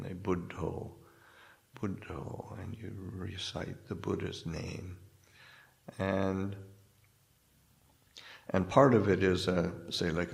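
Male monk, low gravelly voice, slow, halting dharma talk with many restarts. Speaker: Buddhist monk teacher. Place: hall in a spiritual society.

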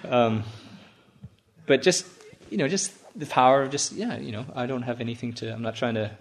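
A man who is a Buddhist monk, telling a story in a halting, chuckling way with many restarts. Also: mid-range voice. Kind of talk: storytelling talk.

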